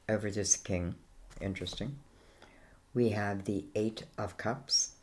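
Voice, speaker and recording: A woman's voice: very deep voice, measured pace, dark tone. An Irish woman giving a casual, rambling tarot reading, full of fillers like "you know" and "I feel like". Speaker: tarot reader.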